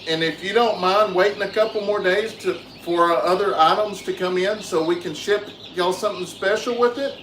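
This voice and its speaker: A man hosting a casual farm vlog outdoors, chatting with viewers and talking softly to his animals. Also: high voice, moderate pace, few pauses. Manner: easygoing, soothes animals softly. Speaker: farm channel host. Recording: echoey with loud outdoor noise.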